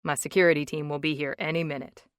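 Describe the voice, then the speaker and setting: A cocky, sarcastic young man with a teasing, drawn-out way of talking, as a woman narrator puts him on. The voice sits a little low and is close and dry, with no room sound at all. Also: little pitch movement, no echo, lightly acted. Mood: wry.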